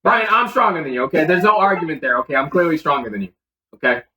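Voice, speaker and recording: Boastful man with a lively voice. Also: fairly high pitch, quick pace, poor audio. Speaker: podcast co-host. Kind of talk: casual chat.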